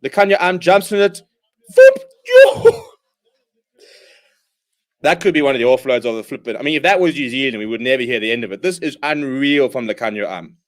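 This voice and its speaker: A young man hosting a live watchalong, calling the play and reading out viewer comments, and he bursts out loud at big moments. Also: mid-range voice, fast, few pauses. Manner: excitable, shouts at big plays, reads viewer comments. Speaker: host.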